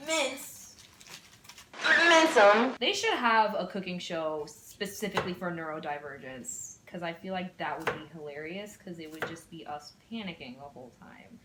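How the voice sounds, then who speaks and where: A flustered woman talks her way through cooking in a home kitchen, rambling and self-deprecating in a casual vlog chat. The room rings with echo, and steady background noise comes through clearly. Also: sits low, normal speed, hardly any pauses. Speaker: vlogger cooking on camera.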